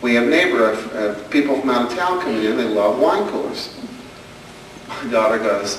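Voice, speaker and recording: A man's voice: medium pitch, animated, moderate pace, a bit bright, slight background noise. Man telling stand-up stories in an echoey hall. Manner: storytelling, acting out his daughter's questions. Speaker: stand-up comedian and parenting speaker. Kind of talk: stand-up comedy routine. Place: hall with an audience. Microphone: far camcorder. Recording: echoey, distant camcorder recording of a hall.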